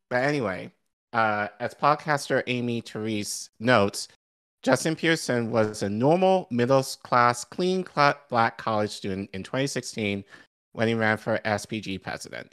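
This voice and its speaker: Man, low voice, podcast co-host, measured, thinks aloud, casual commentary. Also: fairly bright tone, smooth.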